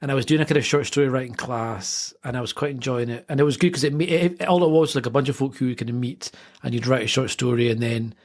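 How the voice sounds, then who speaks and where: A man's voice: mid-range voice, fast talker, few pauses. A man in his thirties, an author telling stories in a casual interview, rambling and correcting himself as he goes. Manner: rambling, self-correcting, animated anecdotes. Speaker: author, podcast guest.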